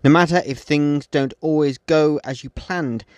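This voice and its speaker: A man hosting a podcast, reading his poems in a measured way and speaking his closing words with many hesitations. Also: a little high, dry recording, clean studio sound. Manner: measured recitation, then halting unscripted outro with many fillers. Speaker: poet and podcast host. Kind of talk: poetry reading.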